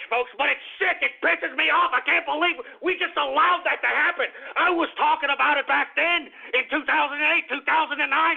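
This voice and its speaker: A male talk radio host rants in a high, strained voice, shouting and cursing as he gets heated. The audio sounds thin and tinny, like it is coming over a phone line. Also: vocal fry. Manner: angry, shouting, swearing. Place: home office.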